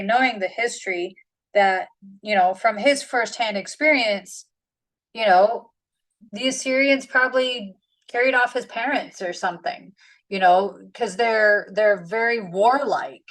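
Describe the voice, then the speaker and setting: A woman's voice: medium pitch, takes it slowly, fairly bright tone, low-quality recording. Chatty woman leading a Bible study. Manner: chatty, slangy, filler-heavy. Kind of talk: casual Bible study teaching.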